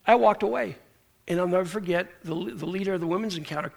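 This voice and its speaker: A pastor with a high-pitched voice and vocal fry preaches quickly. His sermon is animated storytelling in which he acts out the characters, with many restarts along the way.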